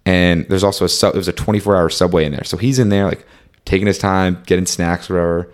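In a very low, deep voice with a steady tone, a young man rambles through a road-trip story during a relaxed chat. He relies heavily on "like" and "um," briefly reenacting the back-and-forth, and his delivery stays loose and conversational the whole way.

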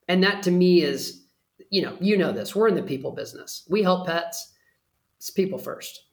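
An earnest man speaks as a guest on an interview show, explaining and persuading in a relaxed, conversational way. His voice carries a noticeable room echo. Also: high-pitched, moderate pace. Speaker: pet trainer guest. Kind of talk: casual interview talk.

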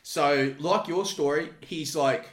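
Slow-paced and a little high, this thirty-something Australian podcast guest, who used to work security, casually recounts brash, profane stories from the job. The recording has an echoey room sound.

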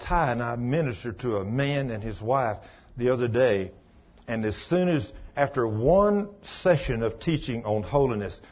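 A husky-voiced man preaches a sermon at an ordinary male pitch, plain and direct, building into loud, emphatic exhortation. The lo-fi recording sounds dull, with muffled highs.

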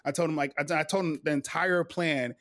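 A man in his forties who retired from the Navy recounts a personal story during a casual interview, lively and riddled with fillers and restarts. His pitch is fairly high, his pace fairly quick, and the studio-quality audio has no echo.

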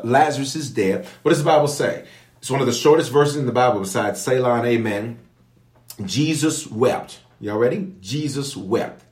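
Man, pastor type, medium voice, repetitive call-and-response preaching, roomy echo. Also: medium pitch. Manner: preacherly, repeats phrases, calls for responses from viewers. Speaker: pastor leading online prayer. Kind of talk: livestream sermon and prayer teaching. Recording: echoey room.

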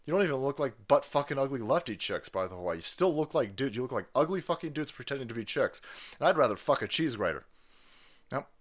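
A man's voice: mid-range voice, animated, quick pace. A man hosting a livestream, ranting in profane, mocking commentary over video clips. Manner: profane, mocking, loud outbursts. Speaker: streamer host.

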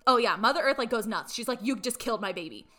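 A woman's voice: a little high, lively intonation, quick pace, a crowd in the background. A woman in casual chat retelling a story, full of "like" fillers and playfully irreverent asides.

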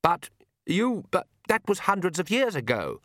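A man's voice: high-pitched, very animated, normal speed, a bit bright, no room sound, clean studio sound, voice pushed up. A man reading an audiobook, voicing a nervous, earnest young male priest who stumbles over his words with a raised voice. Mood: flustered.

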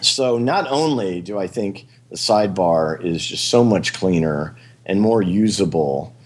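A man talks through ideas with a co-host in a casual, rambling way, full of fillers and restarts. His voice sits very low. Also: expressive, a little slow, husky. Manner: rambling, hesitant, frequent fillers and laughs. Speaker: podcast host. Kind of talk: casual chat.

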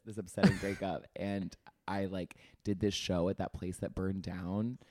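A man's voice: low voice, flat delivery, a little slow, darkish tone. A man co-hosting a podcast, telling a rambling story in casual chat full of fillers. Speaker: podcast co-host.

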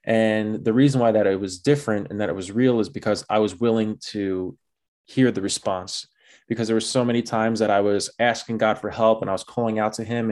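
A man's voice: on the low side, a little mellow. A young man telling a personal story in a casual, chatty way, with many filler words, laughing at himself now and then. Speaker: guest telling his vocation story.

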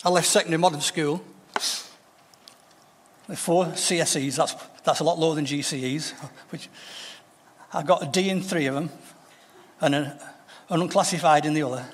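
A man with a high, light voice preaches to his church, telling stories and acting out the figures in them. His voice rings out with a long reverb, as though filling a large hall. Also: normal speed, pauses often, slight background noise. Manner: storytelling, voices quoted figures with shifts in pitch. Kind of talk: sermon.

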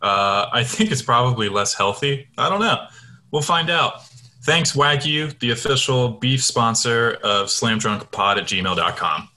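A man's voice: mid-range voice, animated, measured pace, pushed and bright. A young man co-hosting a podcast, laid-back with dry jokes and casual swearing. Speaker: podcast co-host. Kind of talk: casual chat.

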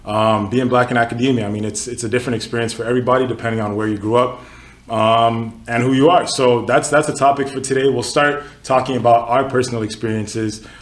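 A man's voice: mid-range voice, quick pace, reverberant. A man in his twenties, born in Nigeria, hosting a casual podcast chat and telling stories with lots of filler words. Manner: relaxed storytelling with filler words. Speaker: podcast host.

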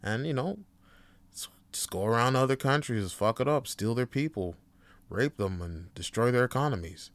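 A man's voice: medium pitch, normal speed, dry recording. Profane man ranting on a podcast. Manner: profane, swings from rants to quiet musing. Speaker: podcast host. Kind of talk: casual monologue.

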